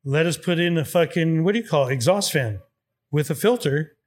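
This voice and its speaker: A man talks fairly quickly in a fairly high voice as he tells a story in casual chat. He swears freely and animatedly performs both sides of the dialogue.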